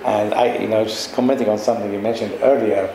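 A man's voice: fairly low pitch, fairly even intonation, fast talker, echoey room, a crowd in the background, low-quality recording. A man chatting casually, laughing as he tells a story about his kids. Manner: chatty, laughing, many fillers. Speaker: guest speaker. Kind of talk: conversational talk.

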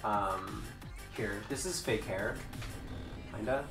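A woman streaming a game with casual commentary, excitable and swearing, breaking into mock-angry yelling. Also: rumbling low, takes it slowly. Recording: roomy with faint background music.

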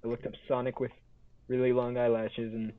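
A man's voice: mid-range voice, completely flat delivery, fairly quick. A man co-hosting a podcast in goofy, rambling casual chat, restarting his sentences. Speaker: podcast co-host. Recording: tinny phone-like sound.

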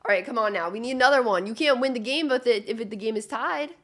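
A young woman giving a chatty live reaction to a hockey game as a fan, excitable and cheering loudly. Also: a little high, fast. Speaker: sports fan streamer.

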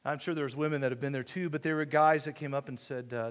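Speaking quickly with a steady tone on the high side, the pastor tells a story from his own life as part of an informal sermon. He plays out the conversations and makes himself the butt of the jokes, his voice trailing through the sanctuary's long reverb.

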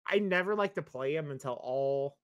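A man's voice: on the high side, moderate pace, fairly bright tone, no room sound, muffled recording. A young married man co-hosting a podcast, chatting casually with exasperated jokes. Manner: exasperated, joking complaints. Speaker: podcast co-host. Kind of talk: casual chat.

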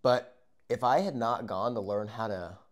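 A young man telling a casual, rambling story, acting out moments with yells and whispers. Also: fairly low pitch, moderate pace. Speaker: vlogger.

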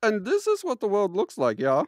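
Man doing a fake german expert professor, slipping mock accent, deadpan, pompous, dry close sound. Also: sits high, dry recording. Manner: deadpan, halting, pompous broken English. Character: goofy self-proclaimed German expert professor, male. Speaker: show host in disguise.

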